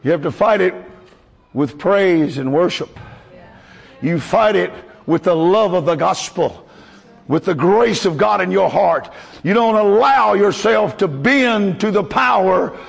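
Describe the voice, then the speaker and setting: A man's voice: high-pitched, expressive, unhurried, gravelly, breathy edge, big-room sound. A male pastor preaching a folksy, emotional sermon to his congregation.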